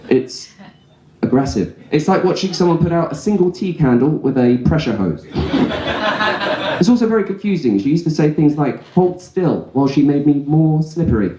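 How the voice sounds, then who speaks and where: This is a stand-up set by a young English comedian, told in a relaxed storytelling style full of "right?" asides before a laughing club audience. The room echoes, and his mid-range voice sounds warm and mellow.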